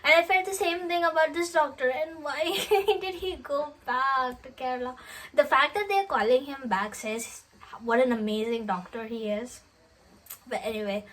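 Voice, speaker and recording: Chatty woman with a slightly high voice. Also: fairly even intonation, moderate pace, fairly bright tone, poor audio. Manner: chatty, emotional, laughing between words. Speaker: vlogger. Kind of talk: casual storytelling vlog.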